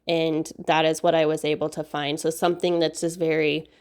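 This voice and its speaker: A woman hosting a software tutorial, upbeat and enthusiastic, her voice nasal from a recent cold. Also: low voice, little pitch movement, moderate pace. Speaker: video tutorial host. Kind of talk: screen-recorded software tutorial.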